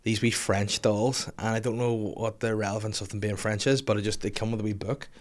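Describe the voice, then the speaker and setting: Joking podcast host. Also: male voice, on the low side, a little fast. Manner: lively, joking, swearing freely. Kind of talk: casual chat.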